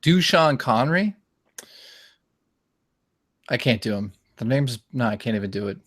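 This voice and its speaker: A man's voice: medium pitch, animated, unhurried, fairly bright tone, no echo, clean studio sound. A man from the Netherlands, a YouTube guest, chatting casually and joking about doing voice impressions. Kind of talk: casual chat.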